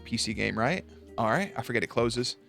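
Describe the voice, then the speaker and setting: A man chatting casually on a live stream, animated and profane, with sudden jumps up in pitch. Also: normal speed, gravelly, faint music behind.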